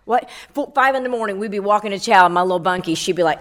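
A woman's voice: mid-range voice, fast talker, a bit bright. A middle-aged woman giving a fervent spoken testimony on a radio program, quoting scripture and swelling on key phrases.

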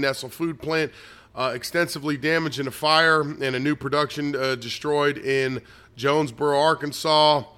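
A man's voice: fairly high pitch, a bit bright, clean tone. A man reading a long list of dates and places from his own notes, hurrying and tripping over words with fillers and restarts. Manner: reads fast with stumbles, restarts and fillers.

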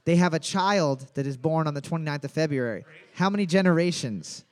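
Male trivia podcast host, high and animated, crude banter. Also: a little fast, smooth. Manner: jokey, swearing, reads questions twice. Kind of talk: casual trivia podcast hosting.

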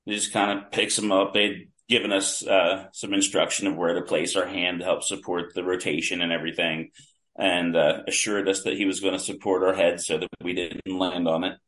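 Low voiced guy on a podcast telling a long story, lots of detail, keeps restarting. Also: level tone, moderate pace, a bit bright. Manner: vivid, detailed anecdotes with many restarts. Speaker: podcast guest, longtime wrestling fan. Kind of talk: casual storytelling.

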